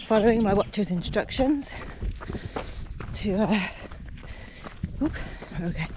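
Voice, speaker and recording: A woman's voice: medium pitch, animated, slow pace. Woman, 50s, chatty vlogger talking to a handheld camera mid-run by a lake, breathless at times; noisy outdoor sound. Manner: chatty, talks between breaths while running. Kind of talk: casual vlog while out running. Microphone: handheld camera while running.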